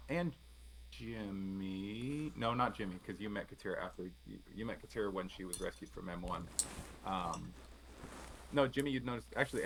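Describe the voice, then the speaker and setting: A man narrating as game master in a tabletop game, halting with many fillers. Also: fairly low pitch, a bit bright, slight background noise, poor audio.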